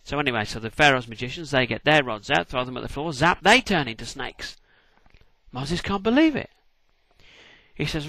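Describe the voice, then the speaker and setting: A man's voice: mid-range voice, expressive, brisk, bright, forceful tone, dry recording. A man retelling a story comically, in a rambling, conversational way.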